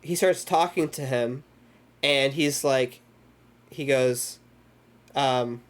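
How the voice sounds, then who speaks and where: A man's voice: mid-range voice, slow, pauses often. A man hosting a movie discussion, casually recapping scenes in a rambling way full of filler words. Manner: energetic retelling of scenes. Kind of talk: casual film recap chat.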